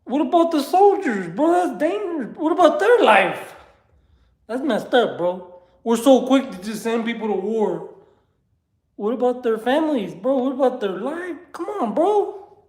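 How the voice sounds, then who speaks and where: A man's voice: very high voice, sing-song, measured pace, a little mellow. A young man ranting casually and heatedly, swearing and saying "bro" often, with disbelieving laughs. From United States. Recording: roomy echo.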